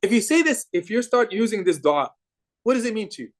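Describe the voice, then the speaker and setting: A young man giving a lively religious lecture to a live group, asking the audience questions and repeating phrases for emphasis. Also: sits high, fairly quick, a little hiss or hum. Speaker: religious teacher.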